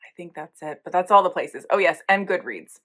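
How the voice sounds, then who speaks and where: A woman hosting a casual knitting podcast, her voice gravelly and hoarse as she recovers from an illness, chatting along with plenty of ums. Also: fairly low pitch, animated, a little fast, bright, forceful tone. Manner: chatty, rambling, many ums. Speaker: podcast host.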